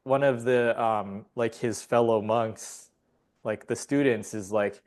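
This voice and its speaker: As a guest on a podcast, a man tells a loose, rambling story full of laughs and casual swearing. His mid-pitched, darkish voice stays steady, and he takes his time.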